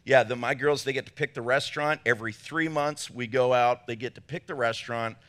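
A middle-aged man preaching a humorous sermon, animated and jokey, acting out little voices. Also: mid-range voice, a little fast. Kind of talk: humorous sermon to a men's gathering.

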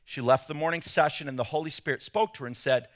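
A man preaching a sermon, telling a story in an animated way and acting out quotes with sudden loud jumps. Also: a little high, fast talker. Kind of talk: sermon with personal anecdotes.

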